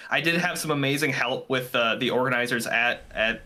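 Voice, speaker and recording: A bright, forward-sounding man speaks as a podcast guest in a casual chat. He is earnest and animated, his voice climbing when he gets excited. His pitch sits in the middle of the male range. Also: fairly quick.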